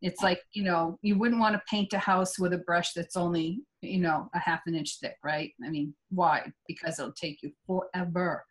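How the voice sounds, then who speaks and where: A woman's voice: fairly low pitch, fairly even intonation, moderate pace, hardly any pauses, rough recording. Chatty woman teaching a craft. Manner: chatty and digressive. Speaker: art instructor. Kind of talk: live painting demonstration.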